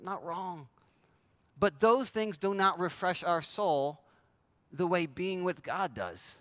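A male pastor with a high, bright voice delivers a sermon in a loose, conversational way. He slips into little acted-out voices for the people he quotes. The sound is close and dry. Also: expressive, slow pace, dry recording.

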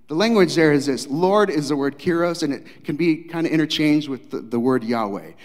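A male pastor preaching a dramatic sermon, acting out scenes, swinging from loud to hushed. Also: mid-range voice, big-room sound.

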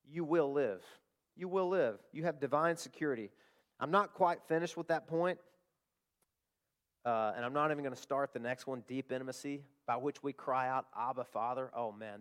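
A man preaching a sermon as pastor, his voice rising on bold declarations and dropping soft and low for prayer. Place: church service.

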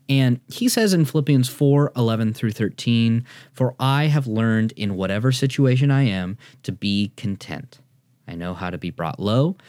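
A man's voice: on the low side, a little mellow, no echo, clean studio sound. A man co-hosting a faith podcast, speaking casually and reading a scripture passage. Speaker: podcast co-host.

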